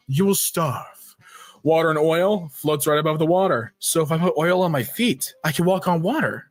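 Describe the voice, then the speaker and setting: A man's voice: a little high, animated, no room sound. A man reading memes aloud as a streamer, joking and briefly switching into silly voices. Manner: jokey, reads meme text in quick silly voices. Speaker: meme reaction streamer.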